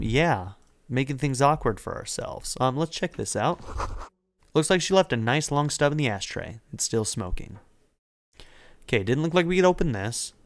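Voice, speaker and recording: Gaming host, male, animated pitch, reads game text, hesitant chatter. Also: dry recording. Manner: chatty, hesitant, often laughing. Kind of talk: let's play commentary, reading game text aloud.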